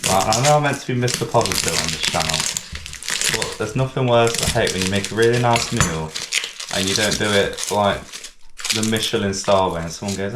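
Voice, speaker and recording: A man's voice: lowish voice, brisk, very noisy. A man hosting a casual home cooking vlog in his kitchen. He rambles, mocks himself and swears a lot while he chops. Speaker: cooking channel host. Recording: echoey kitchen with clattering pans.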